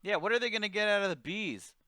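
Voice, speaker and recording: A man's voice: high-pitched, fast, bright, forceful tone, no room sound. A man with a Baltimore accent, co-hosting a comedy podcast with dry, sarcastic quips. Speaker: podcast co-host. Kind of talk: casual comedic chat.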